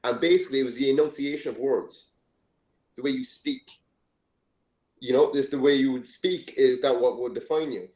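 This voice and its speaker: A man's voice: mid-range voice, normal speed, pauses often, a little mellow. Rambling Irish man in an echoey room. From Ireland. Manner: rambling, anecdotal, swears casually. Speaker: podcast host. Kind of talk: casual chat. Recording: echoey, dull lo-fi room sound.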